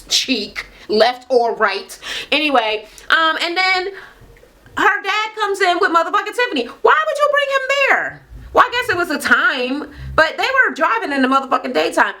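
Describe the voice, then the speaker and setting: A woman's voice: a little high, sharp tone. A young woman, recapping a reality show in blunt, sassy, heavily profane casual talk. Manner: blunt, sassy, heavy swearing. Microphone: on-camera mic.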